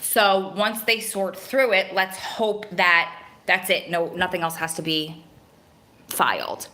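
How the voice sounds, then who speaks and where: Bright-voiced woman venting on a live stream. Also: on the low side, slow. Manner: earnest, rambling, self-correcting, reads viewer comments aloud. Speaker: host of a live stream for prison wives.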